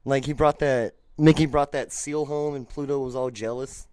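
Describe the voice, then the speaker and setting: A man telling funny stories in casual podcast chat, animated and laughing often. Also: mid-range voice, normal speed, no echo. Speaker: podcast co-host. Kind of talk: casual storytelling.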